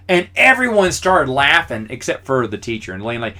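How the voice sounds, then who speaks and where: A man's voice: mid-range voice, a little fast, hardly any pauses. A middle-aged man hosting his own podcast, telling college stories casually and acting out the other people's lines as he goes. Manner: animated, acts out quoted voices. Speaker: podcast host. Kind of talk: casual storytelling monologue.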